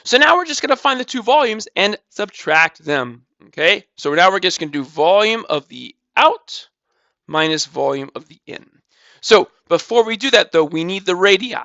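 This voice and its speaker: A man teaches math in a casual, step-by-step manner, repeating figures as he works through them. His voice sits high and bright. The recording is dry and a little dull. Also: lively intonation, normal speed, gravelly, no room sound. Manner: talks through calculations step by step, casual, repeats numbers, says "blah, blah". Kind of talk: recorded math lesson walkthrough.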